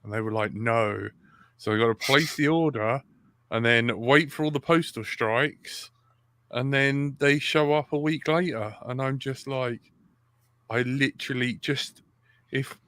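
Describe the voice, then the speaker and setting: Male co-host, bright smooth voice, sweary ranting, dry close mic. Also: medium pitch, measured pace, dry recording. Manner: sweary, ranting, self-mocking. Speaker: podcast co-host. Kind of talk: casual chat.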